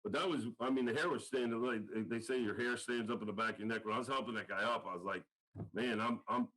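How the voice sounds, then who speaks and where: Middle-aged guy telling a story on a podcast, mid-pitch voice, acts out the quotes. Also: quick pace, sharp tone, low-quality recording. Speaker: guest, college football line coach. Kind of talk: casual storytelling in a podcast interview.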